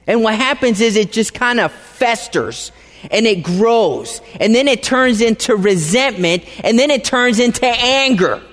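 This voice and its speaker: A man preaching a sermon as pastor, conversational and emphatic, asking the congregation questions and repeating phrases for stress. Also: high-pitched. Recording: long hall reverb.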